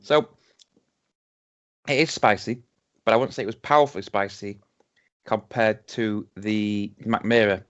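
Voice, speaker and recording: Man, low-pitched, hesitant rambling, casual whisky chat, muffled lo-fi sound. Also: fairly even intonation, unhurried, pauses often. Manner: rambling, hesitant, many restarts and ums. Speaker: podcast co-host. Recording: dull lo-fi home podcast recording.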